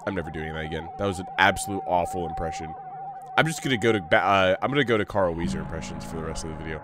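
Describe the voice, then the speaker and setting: A man's voice: sits low, rapid-fire, noisy background. A young man giving casual, sarcastic let's play commentary, reading game text aloud and swearing now and then. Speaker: gamer. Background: game music.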